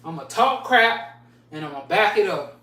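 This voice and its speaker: A woman's voice: lowish voice, lively intonation, moderate pace, pushed and bright. A woman streaming a workout live, counting her push-up reps aloud, winded and sighing between sets, trading slangy trash talk. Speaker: fitness streamer. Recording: echoey room, far from the mic.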